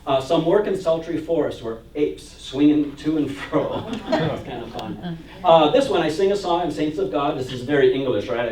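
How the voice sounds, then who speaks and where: Male church music minister, higher voice, jovial and chatty class lecturer, recorded far off the mic in a roomy hall. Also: expressive, moderate pace, a crowd in the background. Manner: jovial and chatty, reads hymn verses aloud with laughs. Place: church meeting room.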